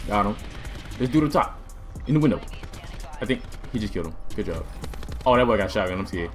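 A young man calling out a shooter game in a lively, swooping voice that jumps from low mutters to sudden yells. He repeats lines in quick bursts and laughs easily, with faint music and gunfire under him. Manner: hyped, loud outbursts, repeats phrases, laughing. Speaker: gaming YouTuber. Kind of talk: gameplay commentary.

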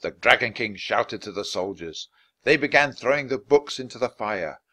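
A man narrating a children's storybook aloud, expressive and switching voices for each character. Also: medium pitch, normal speed. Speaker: audiobook reader.

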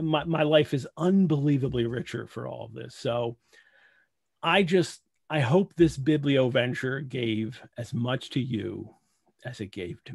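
A man hosting a live video call, giving heartfelt, halting thanks to his co-hosts and audience while holding back tears. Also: medium pitch, gravelly, slightly rough, no echo. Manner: heartfelt, halting, many restarts. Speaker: host. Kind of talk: emotional closing remarks on a live video call.

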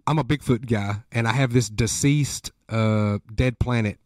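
A man hosting a casual interview, chatty and animated, telling stories with bursts of excitement. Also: measured pace, dry recording, clean studio sound. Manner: animated storyteller, jumps high when excited. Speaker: host.

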